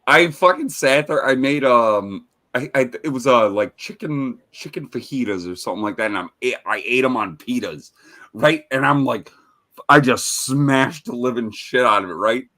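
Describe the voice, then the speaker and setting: A man's voice: medium pitch, animated, moderate pace, pushed and bright. A man co-hosting a livestream, telling profane stories in casual banter and laughing often.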